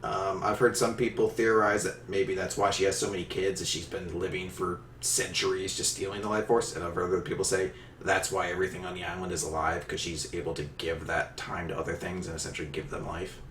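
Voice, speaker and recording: A deep-voiced man chats as a podcast co-host, offering laid-back, hedging theories. He sounds set back from the microphone in an echoey room, with a faint hum underneath. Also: level tone, brisk, hardly any pauses, a bit bright. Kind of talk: casual chat. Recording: roomy, distant mic with faint hum.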